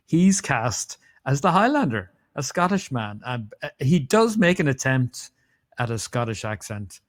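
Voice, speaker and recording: An Irish man chats on a podcast about an old film. He rambles in an amused way, with many fillers and restarts, and his voice sits at a middling pitch. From Ireland. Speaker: podcast co-host. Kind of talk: casual chat about a film.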